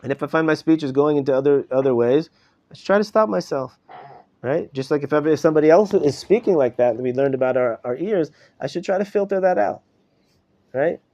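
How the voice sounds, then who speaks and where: A middle-aged rabbi leads an informal Torah class in a study hall classroom, his slightly high, mellow voice animated and fairly quick. He talks conversationally, repeats words, and keeps asking "right?" The live recording sounds dull.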